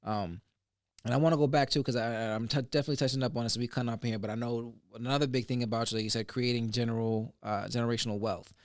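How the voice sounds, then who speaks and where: A man hosting a casual interview, talking in a quick, rambling way and often checking in with "you know what I mean". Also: mid-range voice, fairly even intonation, no room sound, clean studio sound. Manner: fast, filler-heavy, keeps asking "you know what I mean". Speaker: podcast host.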